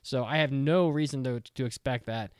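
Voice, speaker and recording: Excitable rambling man, dry sound. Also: medium pitch, normal speed, clean tone, no echo. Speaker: podcast co-host. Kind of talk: casual chat.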